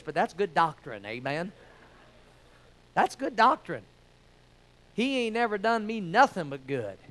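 A man preaches a sermon in a high, smooth and resonant voice. He is emphatic but conversational and keeps asking his listeners rhetorical questions. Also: fairly bright tone.

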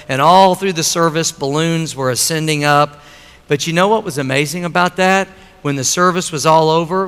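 A man preaching a sermon in a high, bright voice. He moves between easy storytelling and loud, emphatic appeals. The sound carries a long reverb, as in a church hall. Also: smooth.

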